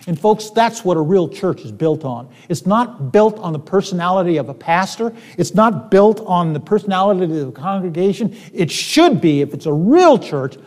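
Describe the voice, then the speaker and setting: A male pastor preaches in a folksy, chatty way, stopping for fillers and then rising to emphatic peaks. His voice sits a bit high for a man. The sermon echoes with a long reverb, as if recorded in a large church hall. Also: expressive, normal speed, hardly any pauses, a little mellow. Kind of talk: storytelling sermon.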